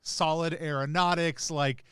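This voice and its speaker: Fairly high smooth voiced guy, rambly and excited, playing a tabletop game, dry close sound. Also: measured pace, no echo. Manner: animated, rambling, laughs often. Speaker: player. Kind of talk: tabletop role-play chat.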